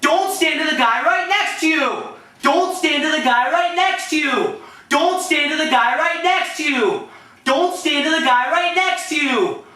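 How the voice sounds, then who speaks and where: A man's voice: very high-pitched, expressive, measured pace, sharp tone, pitched above the performer's own voice, exaggerated voice. A young man imitating a nagging male football coach who repeats the same order again and again. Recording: echoey room, mic at a distance.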